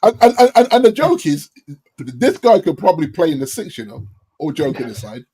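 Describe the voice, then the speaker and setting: A man co-hosting a football podcast who talks in animated bursts and stammers as he gets going. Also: fairly high pitch, fairly quick, breathy edge. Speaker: podcast co-host. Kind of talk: casual football chat.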